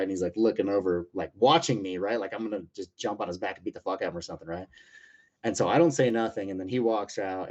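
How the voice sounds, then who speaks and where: A man's voice: lowish voice, a little mellow. A man in his thirties, a fighter, telling a story in a casual interview, swearing freely and rambling with lots of fillers. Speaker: UFC lightweight fighter, interview guest. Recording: muffled lo-fi audio.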